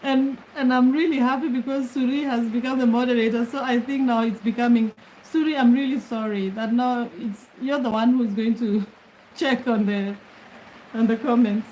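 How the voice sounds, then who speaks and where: A woman's voice: on the high side, steady tone, moderate pace, darkish tone, slight background noise, low-quality recording. Chatty woman on a livestream. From Kenya. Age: middle-aged. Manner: chatty, greets commenters, laughs often. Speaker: livestream host. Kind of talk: casual livestream chat. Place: bedroom, lying on her bed.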